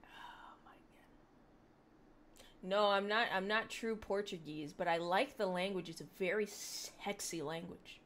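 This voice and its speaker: A woman's voice: medium pitch, moderate pace, few pauses, a bit bright, slight background noise. A woman giving casual commentary on posts she reads, sarcastic and mocking, with frequent laughter. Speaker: online commentator.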